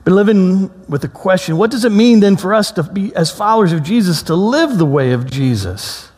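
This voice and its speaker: A man preaching a sermon as a pastor, telling a story with lively acted-out quotes before slowing into reflective reading. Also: a little high. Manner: storytelling, animated, acts out quotes in a raised voice. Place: church sanctuary. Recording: long hall reverb.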